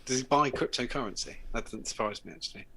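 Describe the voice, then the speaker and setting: A man's voice: mid-range voice, quick pace, fairly bright tone, breathy edge. A man, hosting a casual live chat show, chatty and sweary. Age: late 30s. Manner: sweary, chatty, laughs often. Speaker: host.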